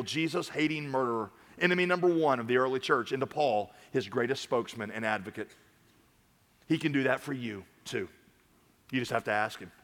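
A man preaching a sermon from a church stage, swinging between loud urging and quiet earnest talk. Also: mid-range voice, long reverb tail. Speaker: pastor.

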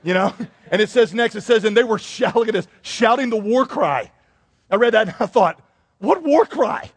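A man's voice: sits high, brisk, slightly rough. A man pastor giving a joking, conversational sermon to his church. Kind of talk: humorous sermon. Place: church sanctuary. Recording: long reverb in a large hall.

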